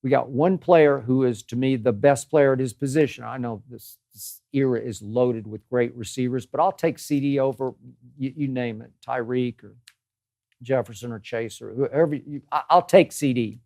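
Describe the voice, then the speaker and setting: A man's voice: mid-range voice, moderate pace, mellow, no room sound, studio quality. An older man hosting his own sports show, delivering an emphatic, exasperated opinion monologue and repeating phrases for effect. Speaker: host.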